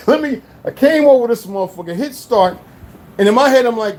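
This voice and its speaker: A man casually telling his viewers a story, swearing constantly and calling them y'all in an animated, rambling way. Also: extremely high pitch, moderate pace. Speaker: vlogger.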